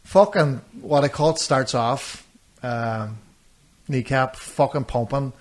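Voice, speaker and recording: A man, co-hosting a podcast and telling rambling, animated stories in casual chat. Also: mid-range voice, slow pace. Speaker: podcast co-host. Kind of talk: casual storytelling.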